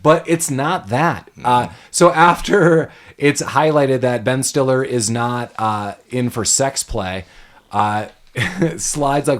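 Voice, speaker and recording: A man co-hosting a podcast, recapping a movie in casual chat and acting out scenes in quick quoted voices. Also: mid-range voice. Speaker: podcast co-host.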